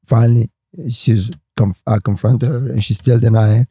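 A male comedian guest on a podcast, telling a story in a casual, animated way and acting out the dialogue. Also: mid-range voice, moderate pace, husky, no echo. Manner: animated, acts out dialogue in raised voices.

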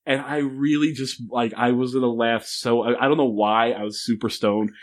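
A man's voice: mid-range voice, moderate pace. A man casually recapping a film on a podcast with a co-host, swearing often, laughing, and acting out lines from scenes. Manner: animated, profane, laughing, acts out lines from scenes. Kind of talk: casual profane chat.

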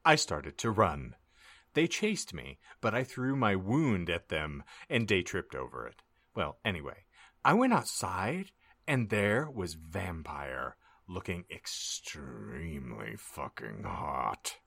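A man with a low voice narrates a story for a comedy podcast, and his pitch leaps and dips in an exaggerated, mock-dramatic way. His tone is bright and forward, recorded dry and close. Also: big pitch swings, slow, no room sound. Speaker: podcast host.

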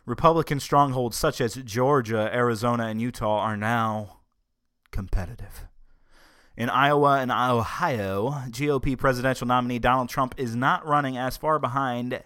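A man's voice: mid-range voice, normal speed, a bit bright, smooth, no room sound, studio quality. A man hosting a podcast, giving casual political commentary in a sarcastic tone and often stumbling over his words. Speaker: podcast host.

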